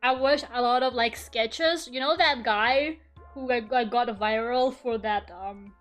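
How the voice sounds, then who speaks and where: Soft music plays under a woman whose voice is a little high and a bit bright, and she speaks at a measured pace. She's a young artist streaming her work, keeping up a rambling casual chat as she draws, full of laughs and free swearing.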